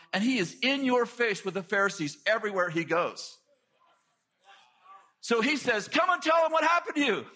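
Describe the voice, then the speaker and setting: Man preaching, high voice, husky edge, animated storytelling, sermon. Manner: animated storytelling with quick asides.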